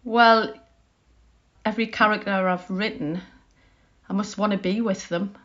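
A woman's voice: mid-range voice, fairly even intonation, measured pace, a bit bright, muffled recording. A woman writer talking as a podcast guest in a chatty, self-deprecating way. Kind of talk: conversational interview.

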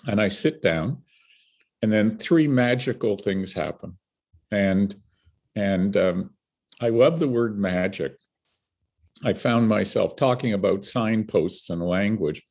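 Older guy spinning long anecdotes, kinda husky, lowish voice, laughs along. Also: slow, pauses often. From Canada. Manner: animated, vivid storyteller who laughs between anecdotes. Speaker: guest. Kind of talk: storytelling in conversation.

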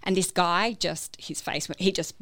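A woman's voice: fairly low pitch, normal speed, fairly bright tone, no echo. A woman telling her personal story as a guest, hesitant, with many fillers and restarts. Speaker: podcast guest.

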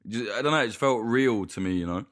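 A man's voice: on the low side, fast talker, fairly bright tone, no echo, studio quality. A man in casual podcast chat, telling stories in a rambling, profane way full of false starts.

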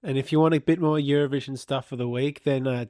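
A man's voice: mid-range voice, fairly even intonation, fast talker, darkish tone, no room sound, studio quality. Teasing man on a podcast. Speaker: podcast co-host. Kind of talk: casual music podcast chat.

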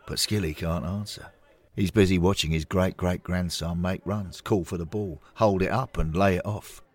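A man narrating a scripted story in an unhurried, expressive way. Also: low-pitched, a faint crowd.

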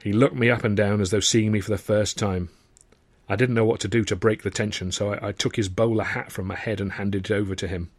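Homme qui lit son roman d'un ton pince-sans-rire. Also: male voice, fairly low pitch, fairly even intonation, a little fast, no echo. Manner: dry, wry storytelling with acted dialogue. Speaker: author reading his novel. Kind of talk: audiobook narration.

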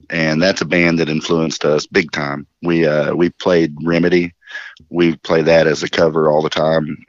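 A deep-voiced man on a dull, muffled phone line. He is dry and close, with no room sound. He tells jokey stories in a casual way and chuckles as he goes. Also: dry recording. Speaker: band bassist, phone guest. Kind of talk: casual interview storytelling.

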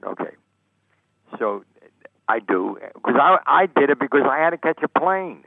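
An older American man, a sportswriter guest, telling lively anecdotes and acting out the people he quotes. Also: mid-range voice, moderate pace, creaky, long pauses, dry recording. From United States. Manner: animated storyteller, acts out quoted voices. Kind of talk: anecdotal storytelling interview. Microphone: phone. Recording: tinny phone line.

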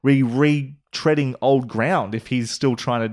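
A man co-hosting a podcast, chatting casually in a rambling, animated way with lots of fillers and restarts. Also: medium pitch, takes it slowly. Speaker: podcast co-host.

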